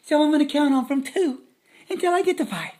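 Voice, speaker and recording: A woman's voice: high-pitched, lively intonation, fairly quick, darkish tone. A woman giving a playful math lesson to children, dropping silly jokes as she counts. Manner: silly, joking asides.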